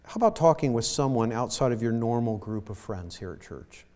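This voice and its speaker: A man preaching a sermon as pastor, speaking slowly and haltingly, often repeating his words. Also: medium pitch, expressive, mellow, in a large hall. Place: church sanctuary.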